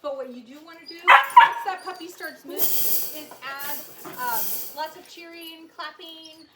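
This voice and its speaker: A woman dog trainer explaining recall practice outdoors, friendly and explanatory, with bright excited calls to a puppy. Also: very high-pitched, unhurried. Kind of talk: instructional demo. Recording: outdoor, distant mic, noisy.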